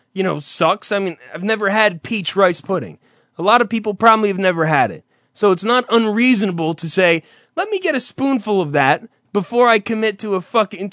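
A man hosting a podcast, teasing his cohost with profane, rambling stories and loud impressions. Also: high voice, dry recording, clean studio sound. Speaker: podcast host. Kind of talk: casual profane banter.

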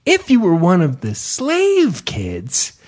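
A man's voice: sits high, wildly swooping pitch, slow pace, darkish tone, exaggerated voice. A man imitating a perky children's audio guide with a sing-song, overly cheerful delivery. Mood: chirpy. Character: chirpy male kids' audio-tour guide.

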